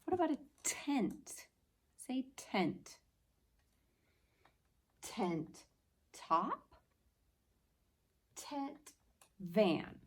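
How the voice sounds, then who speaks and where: A woman teacher giving an early-reading phonics lesson, patiently sounding out words slowly and clearly for young children. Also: a little high, very animated, a little hiss or hum.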